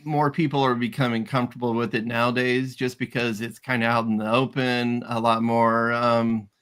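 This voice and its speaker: A man's voice: medium pitch, little pitch movement, normal speed, fairly bright tone, smooth. A man talking as a guest on a casual show, easygoing and agreeable. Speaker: guest, independent filmmaker. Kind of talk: casual interview answers.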